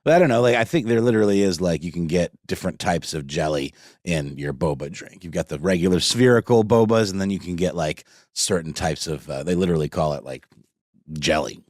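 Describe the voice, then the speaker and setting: A man's voice: sits low, lively intonation, brisk, darkish tone, no echo, clean studio sound. A man co-hosting a podcast in a laid-back, rambling way, full of "you know" and "like.". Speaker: podcast co-host. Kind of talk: casual podcast chat.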